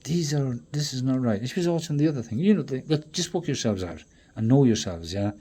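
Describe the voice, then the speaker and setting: A man in a rambling, profane monologue that swings between loud outbursts and low mutters. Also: animated, a little fast, slightly rough.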